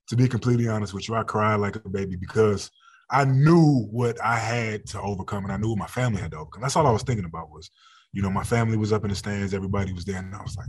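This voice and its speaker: Young male football player guest, husky low voice, easygoing and quick to laugh. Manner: laid-back, laughs often, emotional recalling. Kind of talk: casual interview talk.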